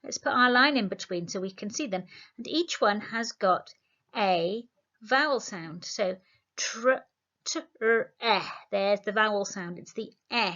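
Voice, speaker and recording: A woman leads a children's spelling lesson, patiently sounding out each syllable. Her voice sits at an ordinary middle pitch. The recording is slightly muffled and lo-fi. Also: moderate pace, pushed and bright. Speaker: primary school teacher.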